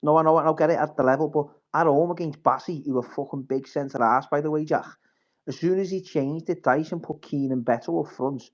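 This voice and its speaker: Stammering man on a muffled line. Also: on the high side. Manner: stammering, quick to interrupt. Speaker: podcast co-host. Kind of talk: heated football fan chat.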